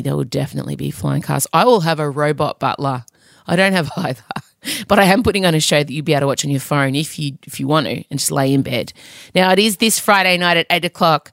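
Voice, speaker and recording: Woman, middle-aged, podcast host: chatty comic monologue with playful pitch swings, fairly low voice, dry close mic. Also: a bit bright, no echo. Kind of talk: casual comedic monologue.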